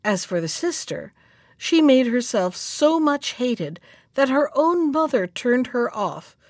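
A woman host reads an old fairy tale aloud at a measured pace. Her voice sits a little high. The sound is close-miked and dry. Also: sing-song, no room sound. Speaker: storyteller and podcast host.

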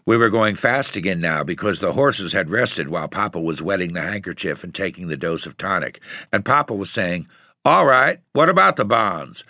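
A man reading a story aloud in steady, even narration. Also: sits low, brisk, no room sound, clean studio sound. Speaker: audiobook reader. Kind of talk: scripted narration.

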